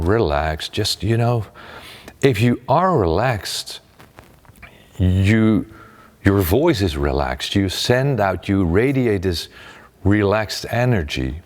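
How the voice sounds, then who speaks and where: A middle-aged man with a very low, deep voice, speaking slowly and calmly as he reflects on his life as a meditation teacher. He often restarts his sentences, and a long reverb hangs behind him. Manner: calm, unhurried, with frequent restarts. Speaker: meditation teacher and former radio presenter. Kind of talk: reflective personal talk.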